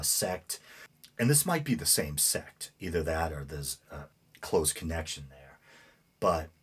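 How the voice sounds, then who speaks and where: Very deep-voiced man with a husky rasp. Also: fairly bright tone. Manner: opinionated, rambling with many fillers. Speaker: podcast host. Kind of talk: casual monologue commentary.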